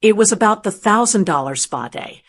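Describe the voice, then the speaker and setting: Calm older woman narrating a story. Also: mid-range voice, moderate pace, slightly rough. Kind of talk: scripted first-person story narration.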